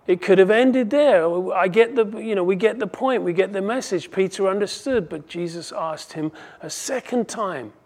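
A man's voice: sits high, moderate pace, few pauses, darkish tone. A man preaching a sermon with passion, his delivery swelling and dropping for emphasis. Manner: impassioned, rising and falling in volume for emphasis. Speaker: pastor.

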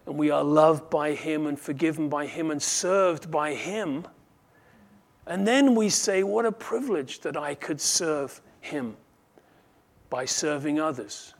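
An earnest male preacher delivers a sermon in a slightly higher-than-usual voice. He acts out short imagined conversations and sometimes restarts a word mid-thought. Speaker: pastor.

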